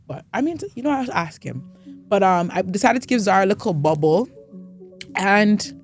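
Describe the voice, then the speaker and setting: A young woman hosts her own talk show, telling a long story in a loose, chatty way. Her voice sits at a middle pitch, and it leaps up whenever she acts out what people said. Faint music plays softly behind her. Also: normal speed. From Canada. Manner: animated storyteller who acts out quotes with big pitch jumps. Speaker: host. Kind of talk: casual storytelling recap.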